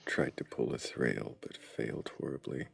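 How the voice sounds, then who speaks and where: A man's voice: extremely low pitch, moderate pace, creaky, a bit bright, breathy edge. A man co-hosting a casual live stream, making dry, wry asides. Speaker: co-host.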